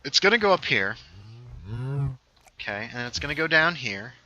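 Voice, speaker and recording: A man's voice: mid-range voice, big pitch swings, normal speed, bright, forceful tone, lo-fi sound. A man hosting a casual gaming livestream, thinking aloud as he builds and reading viewer chat aloud. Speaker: livestream host.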